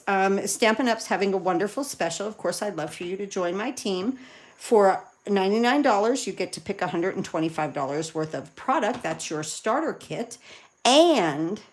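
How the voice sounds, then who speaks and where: A woman chatting excitedly with viewers while she demonstrates card making live from her craft room. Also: mid-range voice. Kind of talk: live crafting demo chat.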